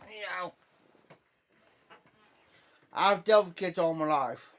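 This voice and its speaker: A middle-aged livestream host telling a story in a casual way, repeating phrases and acting out quoted speech loudly. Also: medium pitch, extremely slow, pauses often.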